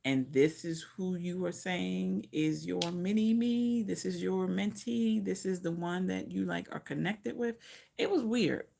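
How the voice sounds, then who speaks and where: A woman's voice: lowish voice, a little slow, creaky, dark tone. A woman casually recapping a romance novel she just read, chatty and profane, often losing track and correcting herself. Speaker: book reviewer.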